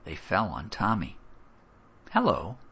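A man narrating a story in a measured, expressive way, on a dull lo-fi recording. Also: on the low side, creaky, husky. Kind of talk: audiobook narration.

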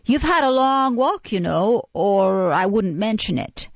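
A woman's voice: medium pitch, expressive, unhurried, gravelly, dry recording, lo-fi sound. A woman reading aloud, voicing a fawning middle-aged woman who keeps an orphan house, gushing and falsely humble. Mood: wheedling. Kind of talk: audiobook character reading.

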